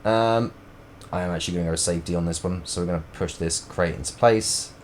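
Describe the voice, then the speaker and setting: A man's voice: low-pitched, fairly quick, slight background noise. A man, chatting and rambling in a joking way while streaming a video game live. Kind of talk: casual live-stream gameplay chat.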